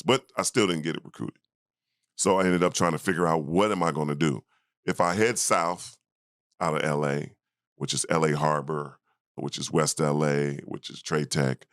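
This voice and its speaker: A guest who used to play basketball, a man in his fifties, shares an old story during a laid-back interview. His voice is extremely deep, but he breaks into higher, more animated tones to impersonate the people involved. The audio is close-miked and dry.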